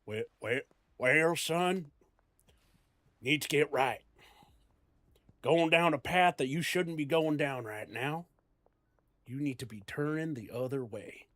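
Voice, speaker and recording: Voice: mid-range voice, a bit bright, dry recording. A streamer putting on a drawling Southern elder. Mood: admonishing. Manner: slow, drawling, preachy warnings. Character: stern older Southern man giving a moral lecture.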